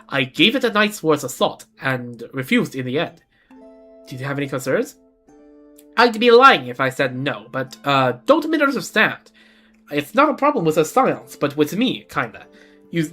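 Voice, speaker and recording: A man's voice: fairly high pitch, bright, forceful tone, heavily acted. A man voicing a humble, earnest village carpenter in a video game, in a put-on Central European accent and stumbling now and then as he reads. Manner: reading dialogue aloud with stumbles and restarts.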